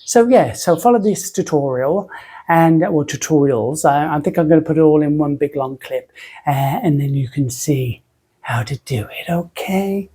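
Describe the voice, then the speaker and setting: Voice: medium pitch, normal speed, warm tone, slightly rough. Rambling British soap-tutorial host, funny voice. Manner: talking in a put-on funny voice; chatty, rambling, self-mocking. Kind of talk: casual rambling tutorial chat.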